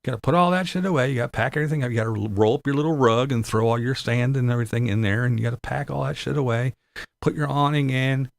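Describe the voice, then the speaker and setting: A man's voice: medium pitch, fast, gravelly, dry recording. A man talking in a rambling, sarcastic, casual way, swearing a lot as he complains. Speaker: vlogger. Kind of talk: casual profane chat.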